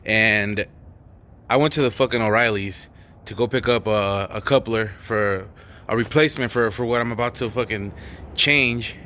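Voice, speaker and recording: A man's voice: lowish voice, sharp tone, a little hiss or hum. Laid-back man cursing through car repairs. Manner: rambling, heavy swearing, self-mocking. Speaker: DIY car vlogger. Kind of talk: casual vlog narration while working on a car.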